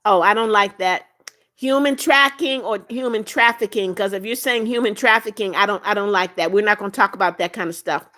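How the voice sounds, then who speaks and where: A woman's voice: mid-range voice, brisk, a bit bright. A woman hosting a live stream, reading viewer comments aloud and answering each one briefly in a motherly way. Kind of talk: casual live-stream chat.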